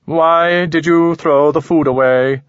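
Male narrator doing a detached alien: raised pitch, slow and clinical, formal. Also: steady tone, smooth, no echo, dull audio. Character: genderless alien, cold, precise, analytical. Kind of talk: audiobook character voice.

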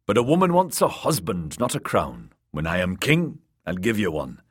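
A man's voice: fairly low pitch, wildly swooping pitch, normal speed, husky, no echo, studio quality, heavily acted. A man reading an audiobook, voicing a stern middle-aged warrior captain. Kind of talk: audiobook character voice.

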